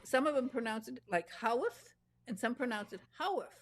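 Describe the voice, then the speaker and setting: A woman's voice: fairly high pitch, fast. A woman hosting an interview, chatting casually and laughing through rambling anecdotes. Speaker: podcast host.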